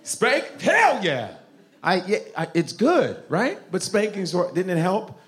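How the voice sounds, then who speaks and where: A man's voice: sits high, big pitch swings, slow, fairly bright tone. A male stand-up comedian doing crowd work, brash and profane, laughing and slipping into voices of parents. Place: comedy club stage with audience.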